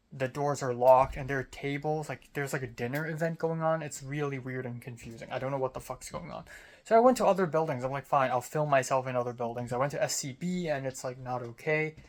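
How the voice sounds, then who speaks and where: A young man from Hong Kong, rambling candidly through a casual diary-style vlog, full of fillers and self-deprecating asides. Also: mid-range voice. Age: young adult. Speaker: vlogger. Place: outdoors on a college campus.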